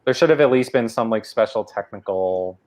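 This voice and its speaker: A man guesting on a casual podcast, talking in a slow, halting, thoughtful way. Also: on the low side, darkish tone. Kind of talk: casual chat.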